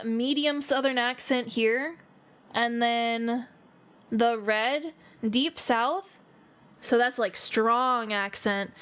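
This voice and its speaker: A young woman streamer from the American South chats casually with her live viewers, thinking out loud in a smooth, slightly high voice. Faint music plays behind her.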